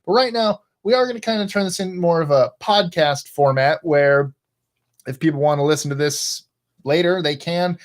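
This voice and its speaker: A man's voice: on the high side, moderate pace. A man co-hosting a casual live stream, chatting with his partner and reading out viewer messages. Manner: chatty, reads out viewer super chats.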